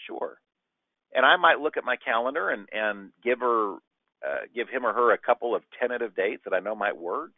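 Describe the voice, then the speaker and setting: A man's voice: medium pitch, a little fast, no room sound. A man teaching a sales training session, acting out short client exchanges as he goes. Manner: animated, acts out client exchanges. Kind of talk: training talk with role-played dialogue. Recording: dry tinny phone-like line.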